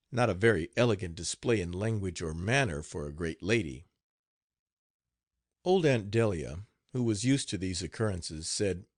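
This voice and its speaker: Man, audiobook narrator, low voice, expressive reading, dry recording. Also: normal speed, no echo.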